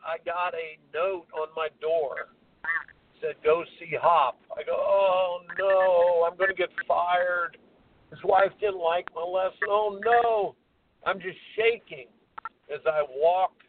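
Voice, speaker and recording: Older male coach, Midwestern-raised, animated phone-in storyteller, highish voice on a tinny distant line. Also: a little hiss or hum. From American Midwest. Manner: animated storyteller, acts out quoted voices, laughs. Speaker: guest tennis coach. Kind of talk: storytelling on a radio talk show.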